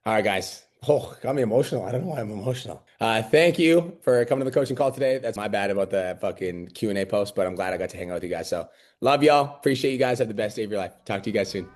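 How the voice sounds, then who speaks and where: A man's voice: on the low side, lively intonation, quick pace, darkish tone. A young man coaching a group on a call, blunt and upbeat, swearing casually. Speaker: business coach and podcast host.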